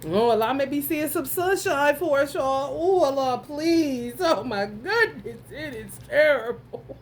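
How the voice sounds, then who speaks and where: A tarot reader with a high voice works through a casual astrology reading at a slow, deliberate pace, her intonation lively over faint background noise. She's blunt, profane and emphatic, speaking straight to her viewers and often bursting into laughter and exclamations.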